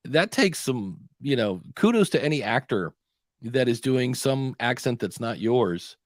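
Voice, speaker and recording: A man's voice: medium pitch, very animated, measured pace, no echo, studio quality. Easygoing chatty male podcast host. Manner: easygoing, chatty, joking asides. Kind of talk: live podcast Q&A chat.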